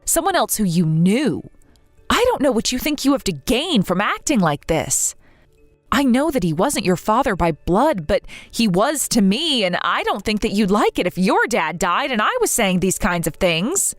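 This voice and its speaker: A woman's voice: mid-range voice, very animated, moderate pace, dry recording, soft background music, natural voice. A woman voicing a grieving young wife in a text-message story, speaking earnestly, pleading and upset. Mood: hurt.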